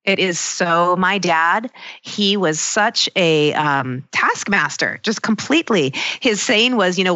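A middle-aged woman coach speaking in an earnest, personal, reflective way, slowing down to stress her key points. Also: lowish voice, pushed and bright, dry recording, highs cut off. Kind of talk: reflective self-help talk.

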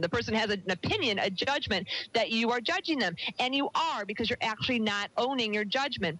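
A woman's voice: a little high, pushed and bright, rough recording. A woman co-hosting a relationship talk show, speaking casually and emphatically and addressing the listeners directly. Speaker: podcast co-host and coach. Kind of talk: casual chat.

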